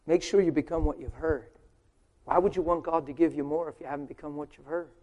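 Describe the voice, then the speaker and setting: Emphatic preacher man, loud then hushed. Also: fairly high pitch, fairly even intonation, a little fast, muffled recording. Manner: swings from loud emphatic preaching to hushed, near-whispered storytelling; asks the crowd rhetorical questions. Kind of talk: sermon.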